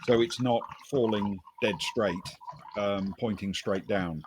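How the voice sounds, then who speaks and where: A man narrating a tabletop game as game master, describing scenes in an unhurried way with many pauses. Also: fairly low pitch, noisy background.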